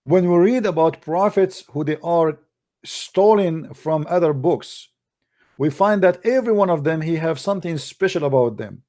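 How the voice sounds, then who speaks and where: A man's voice: fairly high pitch, lively intonation, moderate pace, a little mellow. A man with an Arabic accent hosting a combative commentary, talking in broken English and scolding his critics. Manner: combative, scolding, non-native grammar. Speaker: host. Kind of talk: polemical commentary.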